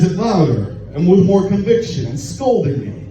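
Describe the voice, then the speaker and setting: A man tells a raunchy story deadpan from an open mic stage, his voice a touch high. He sounds distant in a very echoey bar, the sound dull and lo-fi with clear background noise. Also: moderate pace, few pauses. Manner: crude, deadpan storytelling with laughs. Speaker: stand-up comedian. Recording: echoey, distant, muffled room recording with noise.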